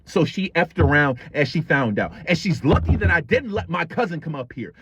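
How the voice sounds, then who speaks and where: A man telling a brawl story in an animated, trash-talking rant. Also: fairly high pitch, slight background noise. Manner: animated, trash-talking, swings between voices.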